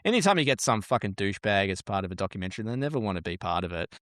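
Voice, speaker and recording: A man's voice: fairly low pitch, big pitch swings, rapid-fire, a bit bright, no echo, studio quality. A man hosting a podcast, blunt and jokey, swearing freely. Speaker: podcast host. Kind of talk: casual podcast chat.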